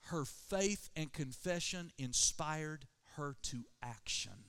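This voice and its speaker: A man's voice: fairly high pitch, animated, takes it slowly, a bit bright, smooth. A male pastor preaching a sermon in a church, emphatic and calling for amens. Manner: emphatic preaching, calls for Amen.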